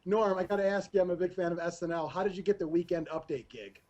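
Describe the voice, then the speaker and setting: Guy calling into a talk show, highish voice, lots of ums, kinda teasing. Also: fast, a little mellow, dull audio. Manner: hesitant, filler-heavy, playful. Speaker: caller. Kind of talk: casual call-in chat.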